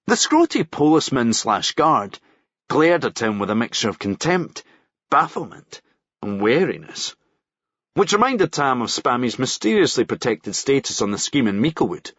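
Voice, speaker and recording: Man, audiobook narrator, wry, measured, lively pitch, dry, muffled lo-fi recording. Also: breathy edge, no echo. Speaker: audiobook reader.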